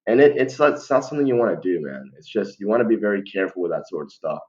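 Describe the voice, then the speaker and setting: A man's voice: lowish voice, very animated, very fast, a little mellow. A young man talking casually to the camera as a vlogger, rambling with lots of fillers and restarts and calling the listener "bro". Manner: slangy, many fillers and restarts, keeps saying "bro". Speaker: vlogger giving life advice. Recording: dull lo-fi recording.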